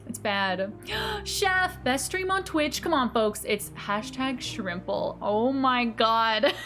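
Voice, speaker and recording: Bubbly female streamer, fairly high and very lively voice, casual chat over faint music. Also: takes it slowly. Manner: bubbly, giggly, greets viewers by name.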